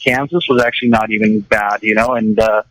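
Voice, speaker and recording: A man's voice: fairly low pitch, steady tone, a little fast, a bit bright, low-quality recording. A man from California chatting casually on a radio show, rambling with lots of restarts and repeated words.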